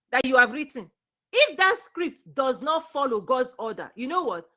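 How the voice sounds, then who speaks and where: A woman gives a spiritual teaching in a lively preaching voice. She repeats words for emphasis and swings between loud, emphatic bursts and soft, low asides. Her voice sits at a middle pitch for a woman.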